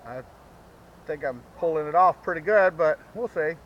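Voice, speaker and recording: A man's voice: on the high side, normal speed, fairly bright tone. A man hosting a vlog, rambling through a profane, self-mocking comedic monologue. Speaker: vlog host. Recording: dull lo-fi recording with faint background noise.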